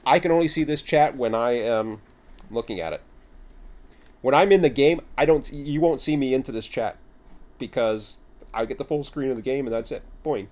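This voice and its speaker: A man's voice: mid-range voice, moderate pace, darkish tone. A man casually chatting and rambling to his viewers while hosting a game livestream, poking fun at himself. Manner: rambling, chatty, self-mocking. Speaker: game streamer.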